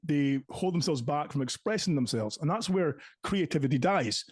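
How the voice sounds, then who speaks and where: A Scottish man with a Caithness accent tells stories in casual podcast chat, quick to laugh. His voice sits a touch high. The recording is dry and close. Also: dry recording. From Caithness, Scotland. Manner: animated storyteller, laughs often. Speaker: podcast host.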